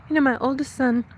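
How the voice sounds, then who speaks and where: A high-pitched middle-aged woman talks live to her chat as she walks outside, slightly winded and quick to laugh. She reads out viewers' names and thanks them in a friendly, rambling way. Faint outdoor noise sits under her phone-mic voice. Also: darkish tone. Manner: chatty, laughs often, thanks viewers by name. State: a little out of breath from walking. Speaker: livestreamer reading chat. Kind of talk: casual live stream chat. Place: outdoors, walking.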